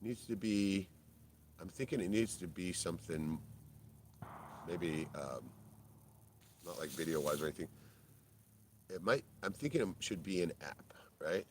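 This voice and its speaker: A middle-aged man with a very low voice tells a rambling personal story full of swearing. He keeps checking in with "right?" and gets loud and worked up in bursts. A faint hum of room ambience sits behind him. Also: lively intonation, unhurried, pauses often. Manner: profane, blunt, keeps tagging "right?". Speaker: video creator.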